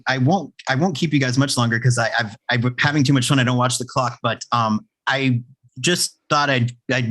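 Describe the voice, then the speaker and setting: A man hosting a casual podcast, mid-pitched and talking in a loose, rambling, jokey way. He stumbles through restarts and fillers as he spins his stories. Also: a bit bright. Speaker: podcast host.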